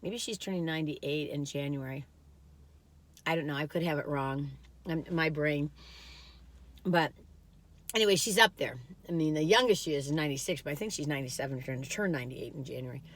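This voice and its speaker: A woman's voice: low-pitched, fairly quick, long pauses. A woman in her sixties, retired, chatting casually and rambling from one story to the next while taste-testing food for her vlog. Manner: lively swings between loud excited bursts and quiet musing. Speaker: food vlogger. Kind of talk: casual taste-test chat.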